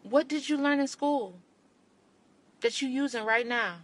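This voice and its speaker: A woman's voice: high-pitched, a little slow. A woman podcast host, giving an impassioned monologue and repeating lines for emphasis.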